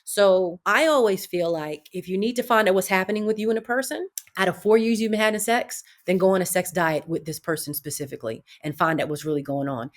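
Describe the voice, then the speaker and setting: Animated woman podcast host. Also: fairly quick, hardly any pauses. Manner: animated, acts out quoted voices with big pitch jumps. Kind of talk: casual chat.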